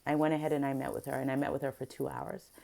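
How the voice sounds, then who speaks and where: Middle-aged lady vlogging, deep and kinda gravelly, upset, talking it through with lots of restarts. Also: flat delivery, very fast, mellow. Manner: emotional, venting, with many restarts. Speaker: vlogger and therapist. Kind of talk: casual confessional vlog.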